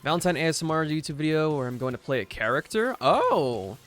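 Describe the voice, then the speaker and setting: A man's voice: on the high side, lively intonation, fairly quick, fairly bright tone, soft background music. A young man chatting casually on a gaming livestream, laid-back, reading chat aloud as he plays. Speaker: streamer.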